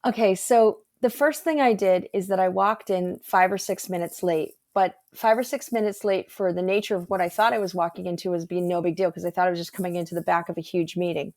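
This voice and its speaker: A woman, guest and energy healer, telling a personal story in an animated, earnest way on a video call. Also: lowish voice, fairly quick, few pauses, dry recording, studio quality. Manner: animated, earnest, rambling with fillers. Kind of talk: casual storytelling conversation.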